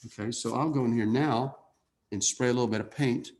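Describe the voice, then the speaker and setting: A man teaching an airbrush painting lesson in a relaxed way, thinking out loud and often checking in with "okay?". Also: mid-range voice, fairly quick, noisy background. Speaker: art instructor. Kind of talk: casual painting demonstration.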